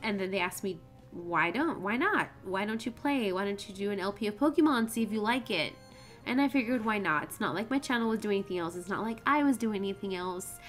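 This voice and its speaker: A woman's voice: mid-range voice, fairly bright tone. A young woman hosting a let's play, chatting casually and rambling off on tangents while she plays. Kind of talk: casual gameplay commentary.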